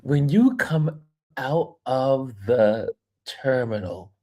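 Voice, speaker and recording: A travel vlogger tells a story in an unhurried, drawn-out way. He is lively and playful, laughing often and repeating words for emphasis. His voice sits at an ordinary middle pitch. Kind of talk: casual storytelling monologue.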